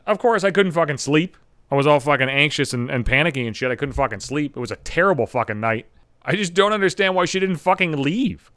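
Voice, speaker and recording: A young adult man hosting a podcast tells a rambling, exasperated story packed with swearing, a profane storytelling monologue. His pitch is fairly high, his tone fairly bright, clear, and resonant, and the recording is dry.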